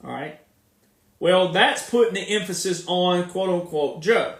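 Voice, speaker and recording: Slightly slow and high-pitched, a male commentator with a Southern drawl hammers his points home through repetition, elongating his words. The casual monologue is captured in an echoey space with him speaking off the mic.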